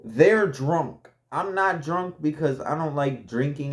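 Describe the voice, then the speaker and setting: A young man spinning a storytime for his viewers in a relaxed, slow drawl. His voice sits a little higher than most men's, and he keeps it chatty, laughing often and talking straight to the audience. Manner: laid-back, chatty, laughs often, addresses viewers as y'all. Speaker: vlogger telling a story. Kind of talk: casual storytime.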